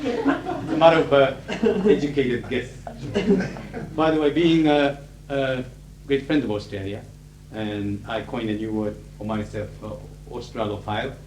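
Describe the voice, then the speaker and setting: Recorded on 1980s tape in an echoey lecture hall with faint hiss, this lecture comes from a middle-aged Japanese conference interpreter speaking English with a Japanese accent. His mid-range voice is flat and moderately paced as he tells funny anecdotes to the audience, often saying "uh."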